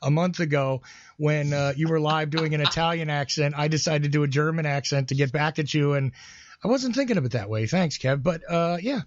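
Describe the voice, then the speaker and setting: A man's voice: a little high, fairly quick. A man running the calls on a casual live show, upbeat and thankful to listeners. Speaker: show producer taking calls. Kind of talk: casual chat. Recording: dull lo-fi sound.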